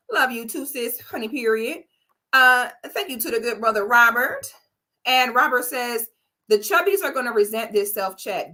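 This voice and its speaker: Woman, livestream host, swooping lively delivery, storytelling. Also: a little high. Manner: animated storytelling, acting out quotes, reading viewer comments. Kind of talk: casual livestream commentary. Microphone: camera or phone mic on a live stream.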